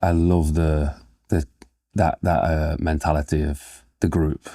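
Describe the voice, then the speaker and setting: A male host asking halting, hesitant questions. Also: extremely low pitch, flat delivery, dark tone, no room sound, studio quality.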